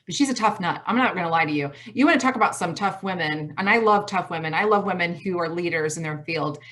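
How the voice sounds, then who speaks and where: A fast-talking Midwestern woman in her forties speaking over a video call from home, sitting a little low in her pitch. She hammers her points with emphasis and keeps coming back to the same key phrases. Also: a bit bright. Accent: Midwestern American. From Michigan, US Midwest. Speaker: college president giving a talk. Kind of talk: motivational talk on a video call.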